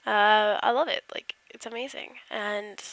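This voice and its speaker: Bright, gravelly young woman rambling. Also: medium pitch, steady tone, measured pace, no room sound. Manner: rambling, self-deprecating, yawning, giggly. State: tired, yawning. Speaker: game builder narrating her build. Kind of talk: casual voice-over commentary.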